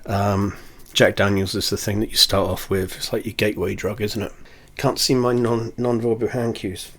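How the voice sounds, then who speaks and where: A man with a somewhat low voice chats in a loose, rambling way, poking fun at himself and dropping the odd swear word. He sits very close to the camera in a small home setup. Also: little pitch movement, normal speed, fairly bright tone. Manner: rambling, self-deprecating, swears offhandedly. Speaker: whiskey reviewer. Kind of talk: casual rambling chat. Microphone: camera very close to face.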